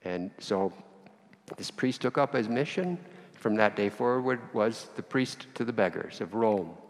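Gravelly male preacher, animated storyteller, long church reverb. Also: fairly low pitch, unhurried. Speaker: priest. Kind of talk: sermon storytelling.

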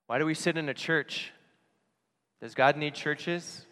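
A priest giving an earnest Christmas homily, asking rhetorical questions and dropping softly on key phrases. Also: male voice, a little high, measured pace. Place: church. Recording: long church reverb.

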